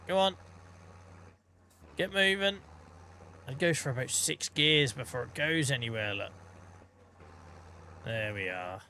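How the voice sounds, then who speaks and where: An adult man with a day job streams a game, chatting casually with his viewers by name and humming to himself between remarks. His voice is a little high, bright, and forceful, with slight background noise.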